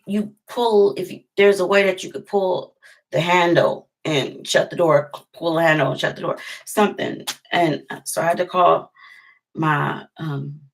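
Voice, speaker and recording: Low-voiced woman telling a heartbreak story. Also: fairly bright tone. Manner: rambling, self-correcting storytelling. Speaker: vlogger. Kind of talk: storytime vlog.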